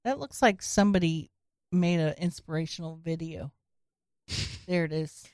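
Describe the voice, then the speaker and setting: A woman co-hosting a casual podcast chat, teasing and quick to laugh. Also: low voice, a little mellow, dry recording, clean studio sound. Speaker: podcast co-host.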